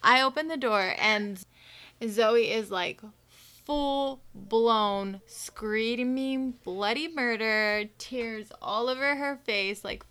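A woman in casual chat, relaxed, laughing easily, sharing stories about her kids. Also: a little high, takes it slowly, clear, resonant tone.

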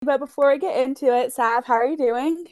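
A woman co-hosting a podcast, talking in a relaxed, emphatic, plain-spoken way. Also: high-pitched, brisk, no echo, studio quality. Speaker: podcast co-host. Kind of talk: casual chat.

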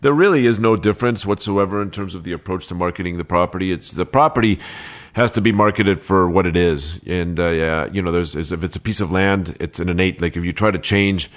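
Real estate agent, male, deep voice, chatty storyteller with quoted dialogue. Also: fairly quick. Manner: animated anecdotes with laughs and quoted dialogue. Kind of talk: interview storytelling.

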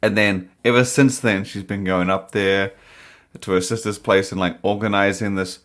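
A man's voice: on the low side, steady tone, normal speed, fairly bright tone. A man co-hosting a casual podcast, telling an anecdote with lots of swearing. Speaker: podcast co-host. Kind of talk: casual storytelling among friends.

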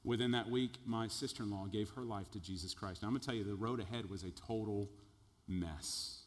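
Preacher in a reverberant hall. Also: male voice, fairly low pitch, a little fast. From Texas. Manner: animated storytelling, swings between loud jokes and quiet earnest passages. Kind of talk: sermon testimony. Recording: echoey hall with long reverb.

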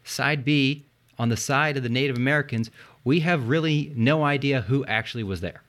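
Male podcast host, mid pitch, casual storyteller who jokes and curses while explaining history. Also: normal speed. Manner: joking, swears, spells words out loud.

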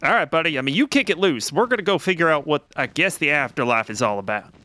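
A man's voice: a little high, animated, fast talker, sharp tone. A man doing a rambling, easygoing dead man. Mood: offhand. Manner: loose, rambling, offhand. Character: friendly dead man marching to the afterlife.

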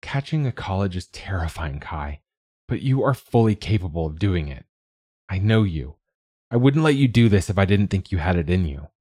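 A man's voice: low voice, sing-song, moderate pace, darkish tone, husky, exaggerated voice. A man reading the part of a supportive middle-aged father who gives his child an earnest pep talk. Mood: reassuring. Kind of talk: audiobook dialogue.

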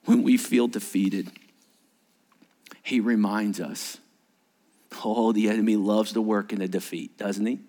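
A man preaching as pastor at a church service. His delivery is animated, swinging between emphatic points and hushed, whispered asides. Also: on the low side, unhurried, pauses often. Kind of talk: sermon.

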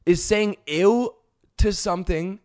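A man mimicking a young valley-girl woman in a high, whiny, disgusted sing-song voice, as a mocking impression in a comedic podcast rant. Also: takes it slowly, darkish tone.

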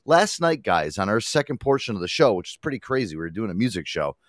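Guy hosting a show, lively up and down voice, swears a lot, dry close sound. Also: fairly low pitch, quick pace, dry recording. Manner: rambling, profane, repeats words. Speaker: podcast host. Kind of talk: casual chat.

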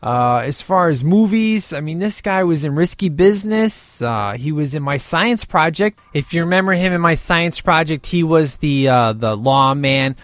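A man chats loosely about a film, leaning on fillers and quick asides. His voice sits a little high, and the sound is dry and close. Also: expressive, dry recording. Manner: rambling, many fillers like "you know". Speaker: movie reviewer. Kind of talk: casual video commentary.

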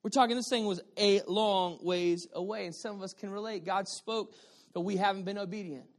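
A male pastor preaching a sermon, playful and animated, dropping to quiet asides and then shouting his points while bantering with the congregation. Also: high voice, brisk.

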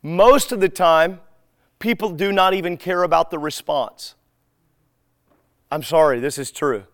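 A man teaching a live group in a relaxed, conversational way. He acts out bits of everyday dialogue as he tells his stories. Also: on the high side, unhurried, pauses often, dry recording, clean studio sound. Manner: animated storyteller who acts out dialogue.

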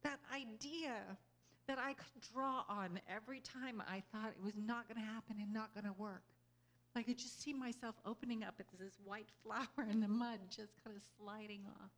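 Her voice is on the high side with a steady tone and a normal speed as she, a spiritual speaker, addresses a group with an inspirational talk. She stays earnest and conversational, checking in with "you know?" and laughing easily between thoughts.

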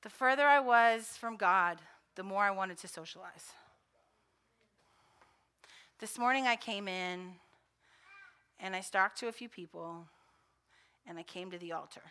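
A woman pastor preaching a sermon, moving between conversational storytelling and loud, fervent repetition. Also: mid-range voice, measured pace, long pauses, clear, resonant tone.

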